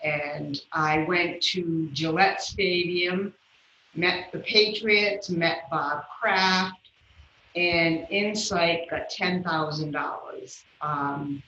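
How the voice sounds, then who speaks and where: Bright-voiced woman telling a story slowly. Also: low-pitched, reverberant, dull audio, a little hiss or hum. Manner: animated, acts out the voices of people in her stories. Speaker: guest, yoga instructor. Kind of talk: personal storytelling in an interview.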